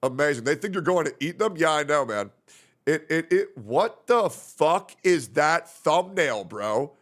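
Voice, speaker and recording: A young man streaming live and talking off the cuff, his pitch swinging up and down as he rambles. He swears freely and reacts to chat messages as he reads them. His voice sits a little high for a man. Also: lively intonation, measured pace, fairly bright tone. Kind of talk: casual livestream chat.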